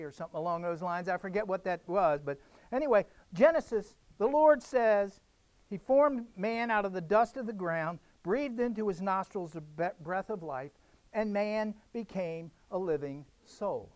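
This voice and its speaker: A man's voice: high voice, normal speed, a little mellow, dry recording. A man preaching a sermon, emphatic and direct, repeating phrases for effect. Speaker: pastor.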